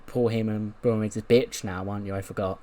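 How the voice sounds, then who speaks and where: Man voicing a veteran male wrestler, measured, sarcastic, determined. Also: on the low side, fairly even intonation, mellow, natural voice.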